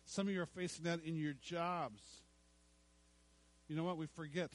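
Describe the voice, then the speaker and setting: A middle-aged man preaching from the pulpit in a voice pitched a bit high for a man. He leans hard on the scripture, stretching key words out slowly. Then he drops to soft, low asides. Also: rough recording. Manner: emphatic preaching, slows to stress scripture, drops to hushed asides. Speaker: pastor. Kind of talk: sermon.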